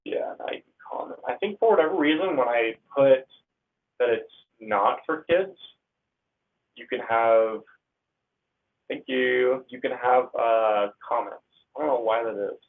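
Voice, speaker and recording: A man's voice: mid-range voice, unhurried, pauses often. A young man from Northern California hosting a casual livestream, reading out viewer comments in an upbeat, slangy way. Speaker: livestream host. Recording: tinny phone-like audio.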